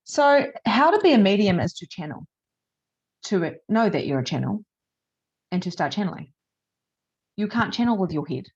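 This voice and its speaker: A woman teaching a live online masterclass in an animated, chatty way, laughing often and swearing casually. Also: medium pitch, moderate pace, pauses often, slightly rough, dull audio. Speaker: spiritual teacher.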